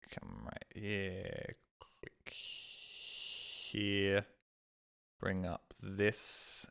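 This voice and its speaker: A low-pitched man talks casually to his stream chat from home. He rambles, swears freely and pokes fun at himself, speaking into a desk mic. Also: gravelly, fairly bright tone. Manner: rambling, sweary, self-deprecating.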